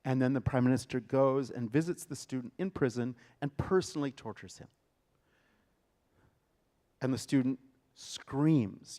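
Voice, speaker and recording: A man, a theater director, giving a lecture and retelling a story with dramatic emphasis and sudden loud bursts. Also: medium pitch, lively intonation, normal speed. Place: lecture hall.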